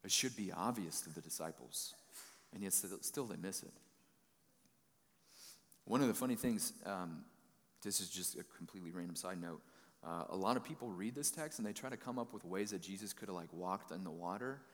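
Casting: male preacher with a lowish voice, folksy and conversational, big hall reverb. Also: lively intonation, a little fast. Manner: conversational, folksy paraphrasing of scripture. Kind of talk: sermon.

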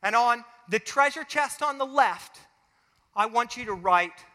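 Male pastor, high and bright, lively family sermon with acted-out voices, long church reverb. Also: measured pace. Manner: animated, acts out little quoted voices. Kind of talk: family sermon with closing prayer.

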